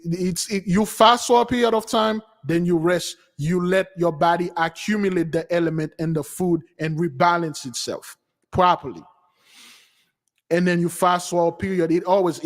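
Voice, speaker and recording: A man's voice: fairly high pitch, in a large hall. A man preaching, exhorting his listeners and often restarting his sentences. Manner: repetitive, stumbling restarts, exhorting. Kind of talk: sermon.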